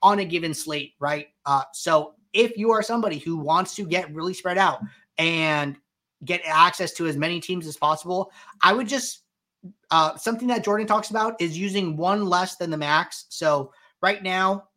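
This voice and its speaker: A man hosting a live question-and-answer show, explaining software settings in a conversational way with frequent fillers. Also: sits high, moderate pace. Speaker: host answering viewer questions. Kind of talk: live Q&A tutorial, walking through software.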